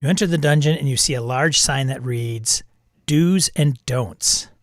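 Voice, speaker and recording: Man, wry, self-amused, text adventure read-along, mid-pitched, dry close sound. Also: fairly quick, a bit bright, no echo. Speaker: host. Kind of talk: reading aloud and reacting while playing a text adventure.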